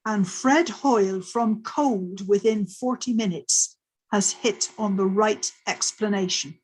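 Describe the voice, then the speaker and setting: A woman's voice: mid-range voice, takes it slowly, slight background noise, low-quality recording. An older woman astrophysicist giving a lecture, telling the story in a vivid present tense and explaining plainly. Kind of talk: lecture told as a personal story.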